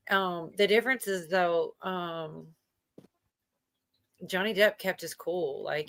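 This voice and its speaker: A woman host chatting casually on a late-night livestream, wandering from point to point with lots of ums and likes and frequent laughter. Her voice sits a bit low and the sound is close and dry. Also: fairly bright tone, no echo. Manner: rambling, laughs often, many fillers. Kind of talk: casual chat.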